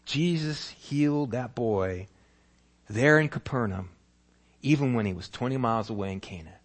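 A man's voice: mid-range voice, moderate pace. A male pastor preaching a sermon, telling a story vividly and acting out its scenes. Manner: animated storytelling, acts out scenes.

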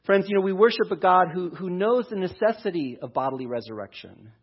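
A pastor preaching a conversational sermon, talking through a scripture passage. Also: male voice, high voice, lively intonation, a little fast, slightly rough, highs cut off. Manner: conversational, restarts, reads scripture aloud.

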